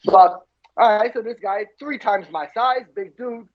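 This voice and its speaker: Slightly muffled lo-fi audio captures a man co-hosting a casual podcast in a high, unhurried voice. He shares stories about himself with eagerness, stumbling over repeated words.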